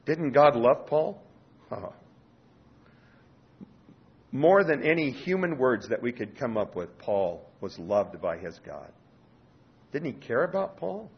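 A man preaching a sermon with passion, swinging between loud urgency and quiet intensity. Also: medium pitch, vocal fry, husky. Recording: dull lo-fi sermon recording.

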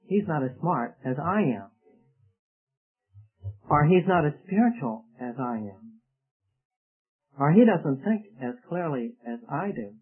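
A man's voice: fairly high pitch, animated, slow pace, long pauses, husky, phone-quality sound. A man preaching an earnest, explanatory sermon, recorded on an old tape. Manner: earnest, explanatory, with rhetorical questions.

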